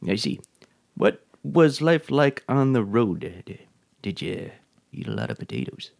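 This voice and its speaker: An actor playing a calm, deadpan public radio host who keeps slipping insults into an interview. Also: male voice, fairly low pitch, unhurried, gravelly, no echo, heavily acted. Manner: calm, dry, oddly insulting questions.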